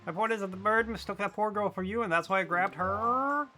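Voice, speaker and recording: Squawking bird postman, high-pitched, chatty, fussy, bright, game character. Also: a little fast, faint music behind. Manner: squawks between sentences.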